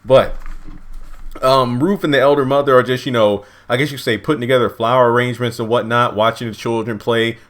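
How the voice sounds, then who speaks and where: A man casually recapping a TV episode at home, lively and acting out characters' lines in high voices. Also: fairly quick. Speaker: TV show reviewer. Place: home, indoors.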